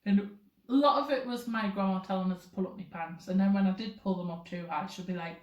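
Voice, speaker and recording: A woman's voice: mid-range voice, fast talker, a little mellow. A young woman talking casually to camera, rambling with lots of fillers. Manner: rambling, filler-heavy, chatty. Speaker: vlogger. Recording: roomy echoey room.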